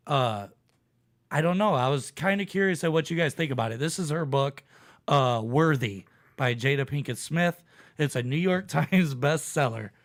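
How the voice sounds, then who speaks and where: A man hosting a podcast, telling a story in casual, profane chat. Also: a little high. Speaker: podcast host.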